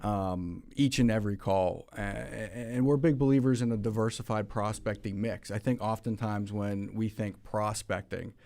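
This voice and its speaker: A man hosts a casual business chat, speaking earnestly and often restarting his sentences. His voice is low and mellow. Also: steady tone, normal speed, vocal fry, few pauses. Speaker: host.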